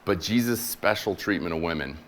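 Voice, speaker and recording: Deep-voiced man preaching a casual sermon. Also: lively intonation, brisk, fairly bright tone, slight background noise. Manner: casual, playful retelling of scripture with slang; acts out quoted voices in conversational paraphrase. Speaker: guest preacher, military chaplain.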